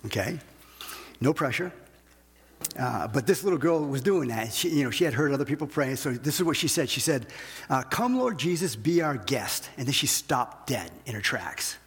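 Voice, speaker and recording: A man's voice: medium pitch, animated, moderate pace, breathy edge, long reverb tail. A man preaching a conversational sermon, often restarting his sentences and checking in with the congregation by asking "okay?". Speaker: pastor.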